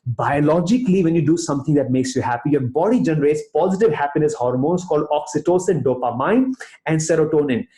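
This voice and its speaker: A man's voice: a little high, expressive, fast, mellow, echoey room. A man giving an emphatic motivational talk to an online audience, repeating phrases for effect. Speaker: motivational speaker.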